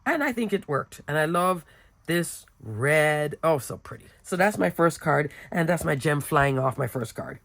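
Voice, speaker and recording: A woman with a raspy, slightly sick voice, casually showing her handmade cards with goofy giggles. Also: deep voice, lively intonation, unhurried. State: a little sick, hoarse. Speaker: card-making crafter. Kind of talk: casual craft tutorial chat.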